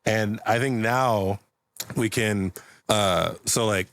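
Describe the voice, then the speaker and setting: A young man in a loose, casual podcast chat, making up a story as he goes. His voice sits a little low, and he rambles, stacks up filler words and keeps breaking into laughter. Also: takes it slowly, a bit bright, no room sound. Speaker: podcast host.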